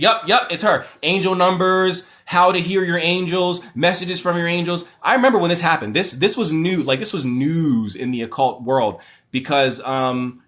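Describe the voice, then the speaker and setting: A man's voice: fairly high pitch, a bit bright. A young adult man hosting a casual livestream, reading viewer comments aloud and reacting to them in a rambling, opinionated way with many fillers and restarts. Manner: mocking voices when paraphrasing others. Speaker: livestream host.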